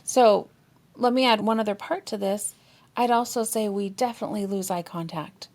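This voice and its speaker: Expressive woman therapist. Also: mid-range voice, normal speed. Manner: expressive, acts out inner dialogue with feeling. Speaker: therapist co-host. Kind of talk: podcast discussion on relationships.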